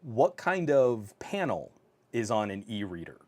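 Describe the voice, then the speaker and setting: His voice is fairly low and darkish in tone, very animated yet unhurried. He's a man running a casual tech livestream from home, reading out viewer comments, laughing a lot and using many fillers, with audio from the on-camera mic.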